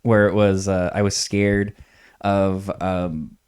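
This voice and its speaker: A man's voice: sits low, flat delivery, slow pace, a little mellow, clean tone. A young man co-hosting a podcast, chatting casually and rambling with lots of fillers and swearing. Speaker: podcast co-host. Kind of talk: casual chat.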